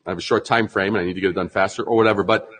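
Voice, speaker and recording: A man being interviewed as a branding expert, explaining in an animated conversational way, acting out mock sales pitches and laughing often. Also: racing, low-quality recording.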